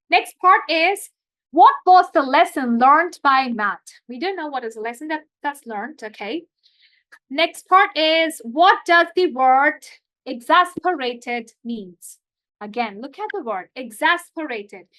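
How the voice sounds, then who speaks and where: Woman tutor, high voice, live online lesson, chatty explanations with asides. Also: expressive, normal speed, a bit bright. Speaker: English tutor.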